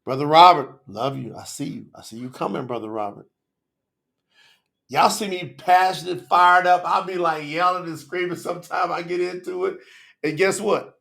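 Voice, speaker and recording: The host of a live online telethon has a fairly high, creaky, somewhat bright voice. He talks to his viewers directly, passionate and casual, using slang throughout the livestream.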